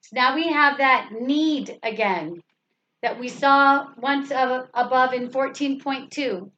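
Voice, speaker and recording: Patient woman English teacher, high voice, unhurried, repeats examples, asks the class questions. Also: expressive, a bit bright, a little hiss or hum. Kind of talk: slow grammar lesson explanation. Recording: slightly dull lo-fi recording.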